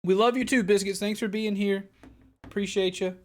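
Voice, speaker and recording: A man's voice: sits high, steady tone, moderate pace, a little mellow. A man streaming a game live, chatting casually and upbeat, often thanking viewers. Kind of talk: casual live gaming commentary.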